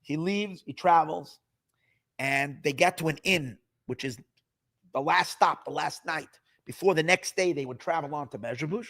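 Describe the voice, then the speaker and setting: A man, a rabbi, telling Hasidic stories in a lively teaching style, acting out the dialogue with many repeated words. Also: fairly high pitch, moderate pace. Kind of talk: storytelling class.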